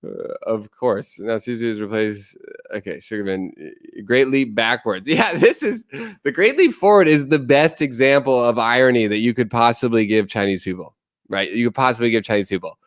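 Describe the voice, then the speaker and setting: Male streamer in his thirties, casual and profane, smooth voice, dry close-mic sound. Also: medium pitch, moderate pace, dry recording. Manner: blunt, profane, rambling, reads chat aloud. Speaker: livestream host. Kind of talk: casual livestream chat.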